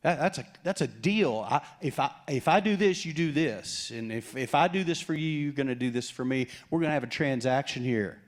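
A man's voice: mid-range voice, brisk, hardly any pauses. Middle-aged guy preaching, jokey storytelling, does little voices for the people in his stories. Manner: animated storytelling, acts out quoted voices with humor. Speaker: pastor. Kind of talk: sermon.

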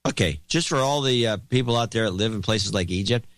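A man's voice: fairly low pitch, quick pace, music in the background. A man co-hosting a podcast in casual chat, emphatic and given to little rants. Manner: emphatic, ranting. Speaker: podcast co-host.

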